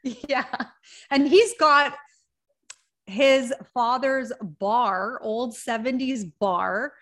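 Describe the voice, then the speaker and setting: A woman's voice: fairly high pitch, drawn-out words, fairly bright tone. A woman from Canada, a podcast guest, chatting in a giggly, upbeat way. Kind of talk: casual interview chat.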